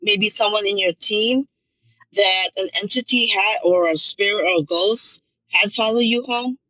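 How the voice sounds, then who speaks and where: A woman hosting an interview asks her guest a question, pausing on a filler as she goes. Her voice is bright and crisp at a mid-range pitch. The sound is dry and close. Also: no echo, rough recording. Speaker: host.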